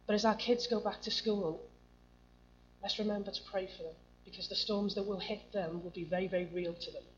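Speaking a little fast at medium pitch, a woman delivers a sermon to a congregation with fairly even intonation. She reads scripture and asks the room questions conversationally, heard through a muffled lo-fi recording with a faint hum.

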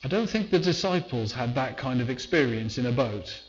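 A man's voice: medium pitch, expressive, moderate pace. Male preacher, dull recording. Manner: conversational, acts out voices in retelling. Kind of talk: sermon.

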